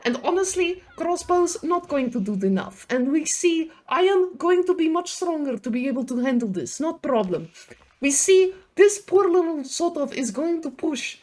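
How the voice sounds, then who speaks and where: A woman's voice: high-pitched, expressive, normal speed, darkish tone, voice pushed up. Woman putting on a bragging Serbian gym bro. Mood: boastful. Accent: put-on Serbian, drifting toward Russian. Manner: choppy broken English, tough bragging. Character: boastful young male Serbian gym bro.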